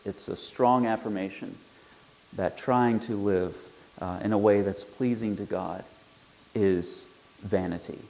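A man giving an explanatory Bible lecture, measured in tone and leaning hard on key words with sudden emphasis. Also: fairly low pitch, a little mellow, poor audio. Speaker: Bible teacher.

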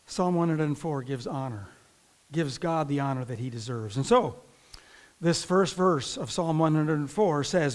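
A man's voice: fairly high pitch, animated, normal speed, darkish tone. A man from northern Indiana, a pastor, preaching a conversational sermon in a church and talking directly to the congregation. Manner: conversational preaching, frequent restarts and asides to the congregation.

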